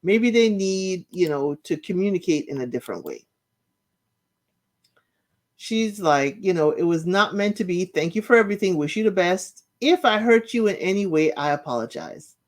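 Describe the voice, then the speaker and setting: A woman hosting a casual recap, chatty and opinionated, often saying "you know" and acting out quotes with jumps in pitch. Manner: acts out quotes with shifting pitch. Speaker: recap podcast host. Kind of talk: casual reality-show recap commentary.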